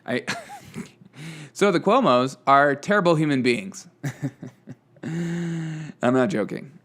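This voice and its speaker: A man's voice: a little high, expressive, takes it slowly, fairly bright tone. Sarcastic, laughing male news host. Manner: sarcastic, laughs often between stories. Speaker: political commentary show host. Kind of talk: casual news commentary.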